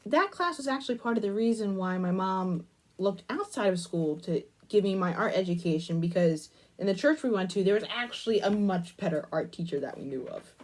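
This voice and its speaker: Her voice is medium in pitch with a darkish tone. She's a young adult crafting channel host, casually chatting as she shapes clay and wandering between the work and a long, rambling childhood story.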